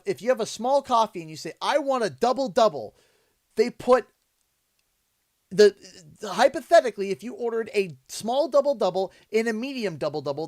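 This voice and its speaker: Animated Canadian man telling a story. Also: high-pitched, dry recording, clean studio sound. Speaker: livestream host. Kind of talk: casual storytelling while streaming.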